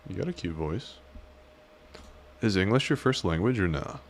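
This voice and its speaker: Male streamer, very low voice, teasing and crude, faint hiss behind. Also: expressive, normal speed. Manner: teasing, crude, mock-menacing. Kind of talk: casual stream chat reacting to clips.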